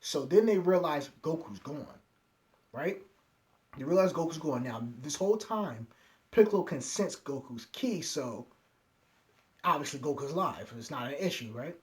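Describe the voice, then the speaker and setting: A young man casually recapping an anime episode scene by scene, acting out each character's lines in quick quoted bits. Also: fairly high pitch, expressive. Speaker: anime reviewer.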